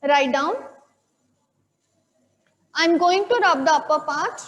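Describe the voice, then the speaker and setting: A woman with an Indian English accent teaches a class, her voice sitting high. She goes step by step, repeating key points and checking in with "okay?". The room gives her voice a long, echoing reverb. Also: slow pace. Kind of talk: classroom lecture.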